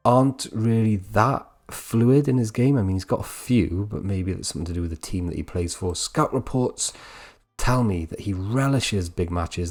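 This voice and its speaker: A man's voice: fairly low pitch, darkish tone. A Welsh man hosting a video game channel, chatting casually through player stats and often tacking on "right?". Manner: chatty, rattles off stats, keeps asking "right?". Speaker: gaming channel host. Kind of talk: casual game commentary voice-over.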